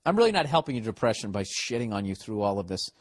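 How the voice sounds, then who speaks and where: A man's voice: on the low side, sing-song, fast. Boston man hosting a podcast, sarcastic and profane, reads letters in a comic rant. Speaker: podcast host. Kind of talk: casual comedic rant.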